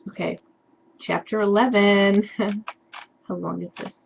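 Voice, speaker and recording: A woman's voice: medium pitch, fairly even intonation, takes it slowly, gravelly, husky, highs cut off. A young woman doing a comedic dramatic reading of fan fiction, with sarcastic, mock-despairing asides.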